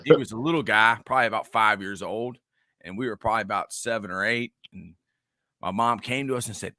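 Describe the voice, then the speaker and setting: A man's voice: lowish voice, brisk, sharp tone, no echo, clean studio sound. A man co-hosting a coaching podcast, talking in an easygoing, storytelling way. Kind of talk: casual chat.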